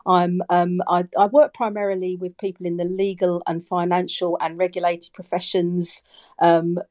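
A woman's voice: on the low side, little pitch movement, normal speed, darkish tone. A woman guest on a podcast, a personal branding coach, talking earnestly with many restarts. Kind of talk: casual podcast chat.

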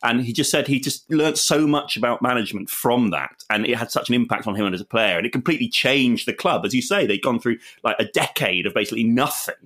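A man's voice: medium pitch, fast talker, hardly any pauses, fairly bright tone. Male podcast guest, mid-range voice, keen and emphatic. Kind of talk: casual chat.

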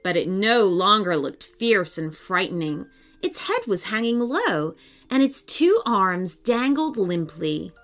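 A woman storyteller narrating a children's story in an expressive, lilting way. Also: mid-range voice, takes it slowly. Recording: soft background music.

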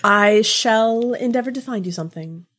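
A woman playing a tabletop role-playing game, speaking in a formal, measured way as her character. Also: on the high side, a bit bright. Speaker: tabletop player.

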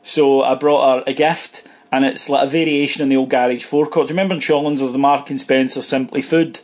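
A Scottish man in casual podcast chat, his voice sitting in an ordinary middle pitch. He wanders through anecdotes with plenty of asides and laughs at his own tales. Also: steady tone, fast talker, darkish tone. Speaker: podcast co-host.

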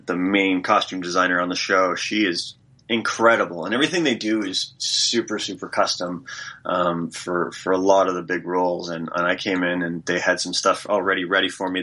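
A man's voice: low voice, pushed and bright. A man, an actor guest, talking enthusiastically in a casual interview, with frequent restarts.

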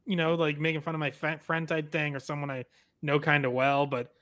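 A man's voice: a little high, flat delivery, brisk, a bit bright. A man co-hosting a casual sports talk show, hesitant and full of fillers, often trailing off. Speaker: podcast co-host.

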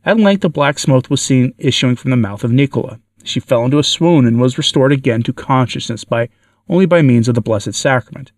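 A man narrating a religious story aloud in a measured way, with occasional stumbles. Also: medium pitch, a little mellow, dry recording. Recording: dry, from far off the mic.

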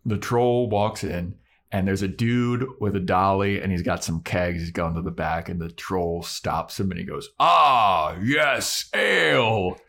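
A man's voice: low voice, moderate pace. A man co-hosting a podcast, casually recapping a TV episode and acting out the characters' lines with energy. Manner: animated, acts out the characters' lines. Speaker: podcast co-host.

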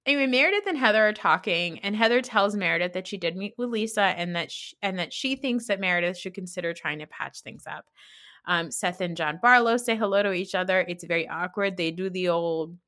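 A woman's voice: medium pitch, a little fast. A woman hosting a podcast, recapping reality TV in a chatty, sarcastic way and acting out quotes. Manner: chatty, sarcastic, animated quoting of cast. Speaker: podcast host.

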